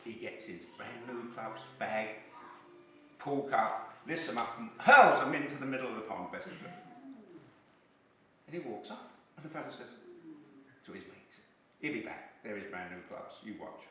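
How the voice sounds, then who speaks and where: A man doing stand-up, telling joke after joke in a chatty way and jumping higher in pitch to act out the people in them. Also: animated, normal speed, pauses often, sharp tone, a little hiss or hum. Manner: chatty, filler-heavy, pitches up to act out quoted lines. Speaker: stand-up comedian. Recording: echoey room, mic at a distance.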